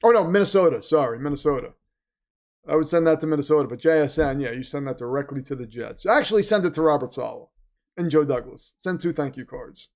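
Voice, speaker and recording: A man with a slightly high, a little mellow voice speaks at a quick pace while hosting a game watch-party stream. He's chatty and jokey, reads donations out loud and ridicules the team's managers.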